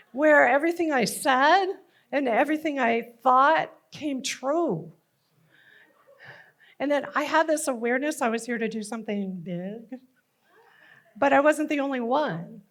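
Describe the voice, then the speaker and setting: A middle-aged woman telling a personal story on stage, slow and deliberate with emotional emphasis. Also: high voice.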